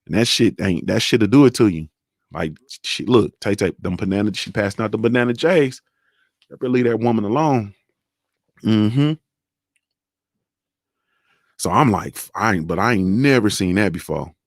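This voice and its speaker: A young man hosts a casual boxing talk stream, rambling through stories in loose, profane slang. His voice sits low. The sound is dry and close, with no room echo. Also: expressive, moderate pace, pauses often. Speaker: show host.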